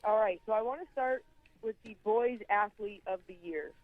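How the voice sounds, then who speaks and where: A woman sports journalist calmly explaining her picks during a casual radio interview, with fillers now and then. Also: medium pitch, normal speed, no echo. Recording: tinny phone line.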